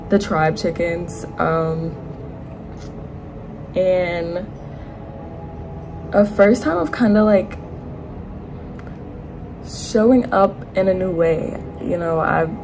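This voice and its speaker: A woman in her twenties nervously sharing her feelings in a personal testimony, halting and honest. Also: on the low side, background noise. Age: 20s. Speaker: retreat participant.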